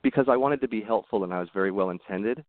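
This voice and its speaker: A man's voice: fairly low pitch, fast, no echo. A man talking as a podcast guest, telling personal stories in a rambling, earnest way with frequent restarts. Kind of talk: casual interview storytelling. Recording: tinny phone-like line, dry.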